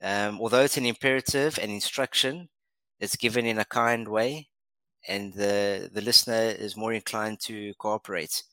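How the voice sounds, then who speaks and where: A man's voice: on the low side, fairly even intonation, moderate pace, bright, forceful tone, dry recording, low-quality recording. A man co-hosting an English lesson podcast, encouraging and praising often, with many uh fillers. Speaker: podcast co-host.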